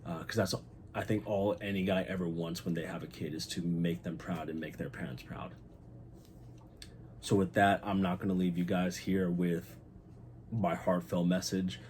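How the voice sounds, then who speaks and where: A young man hosting his channel, recapping a TV episode in a casual, excited and heartfelt way, swearing freely. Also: low voice, normal speed, slight background noise. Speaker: channel host.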